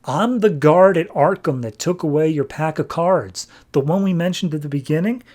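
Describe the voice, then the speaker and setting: A man's voice: a little high, normal speed, a little mellow, close to an everyday voice. A podcast host voicing a blunt, bossy male head of security while recapping a comic. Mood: defiant.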